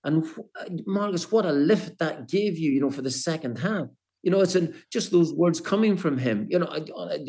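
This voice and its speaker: An older man and former footballer, recalling old matches in a halting, restart-filled way. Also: a little high. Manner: hesitant, many restarts, warm storytelling. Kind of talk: reminiscing interview.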